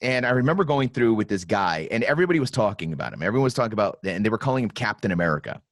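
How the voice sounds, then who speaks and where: A man hosting a podcast in casual chat, telling stories with lots of swearing and animated delivery. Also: fairly low pitch, rapid-fire, no room sound, studio quality. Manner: profane, animated storytelling. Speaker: podcast host.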